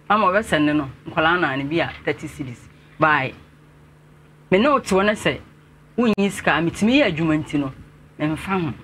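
A Ghanaian man speaks as an interview guest, slightly high and bright in tone. He talks earnestly and respectfully, with faint ambient noise behind him. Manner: earnest, respectfully addressing the host. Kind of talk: telling his life story in an interview.

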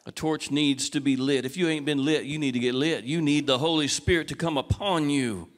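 A man preaching a folksy sermon, asking the congregation questions and moving from quiet, casual talk to raised, urgent calls. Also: on the high side, brisk, in a large hall. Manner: swings between soft conversational talk and raised, urgent exhortation. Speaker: pastor. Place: church sanctuary.

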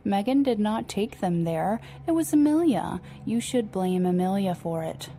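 A woman reading as a calm, protective young man. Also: medium pitch, normal speed, a little hiss or hum, close to an everyday voice. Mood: placating. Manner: placating, earnest.

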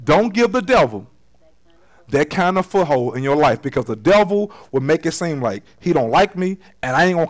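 A man pastor preaching a sermon in a church, casual and slangy, swinging between loud emphasis and quiet, intimate asides. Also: sits high, low-quality recording. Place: church sanctuary.

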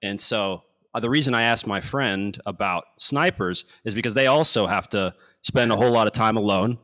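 A man with a crisp, bright tone talks in an easygoing podcast chat. He tells stories in a rambling, animated way and laughs often. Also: lowish voice, moderate pace. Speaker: podcast host. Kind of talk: casual storytelling chat.

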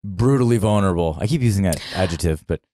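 A woman's voice: a bass voice, animated, fast talker, dark tone, no room sound. A woman co-hosting a podcast, talking earnestly and playfully with enthusiasm. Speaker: podcast co-host. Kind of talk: casual podcast chat.

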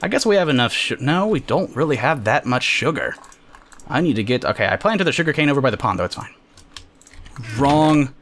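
A man hosting a casual let's-play, talking excitably and jokingly, often yelping at what happens on screen. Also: mid-range voice, quick pace. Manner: excitable, yelps and shouts at the game, jokey. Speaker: gamer host.

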